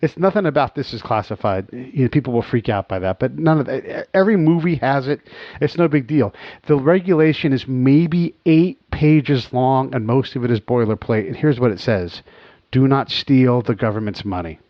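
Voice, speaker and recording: A man hosting a podcast talks in a loose, chatty way and slips into the voices of the people he quotes. His voice sits at an ordinary pitch. The audio is dull and dry, like a cheap lo-fi recording. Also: normal speed, no room sound. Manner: animated, acts out quoted dialogue. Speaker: podcast host. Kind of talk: casual storytelling chat.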